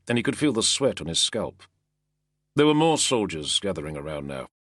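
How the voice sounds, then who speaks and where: A man reading a novel aloud as an audiobook narrator, in a measured, expressive way. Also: sits low, no room sound, clean studio sound. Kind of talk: scripted narration.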